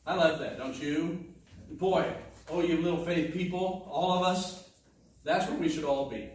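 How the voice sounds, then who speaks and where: A man's voice: a little high, fairly even intonation, unhurried. Man preaching in an echoey church. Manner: conversational teaching, frequent asides and restarts. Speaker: pastor. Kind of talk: sermon. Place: church sanctuary. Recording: echoey room, distant mic, faint noise.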